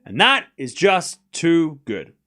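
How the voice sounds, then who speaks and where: A man hosting a live stream, calling tennis play-by-play in a chatty, excitable way, joking about the crowd and talking to his viewers. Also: on the high side, slow pace. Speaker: stream host.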